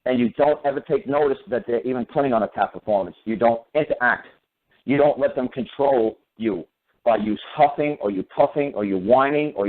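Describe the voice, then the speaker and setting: A man calling into a talk radio show, telling stories and lecturing in an emphatic, repetitive way. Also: mid-range voice. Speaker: guest caller on talk radio. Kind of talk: talk radio storytelling and opinion. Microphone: phone. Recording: phone-line call.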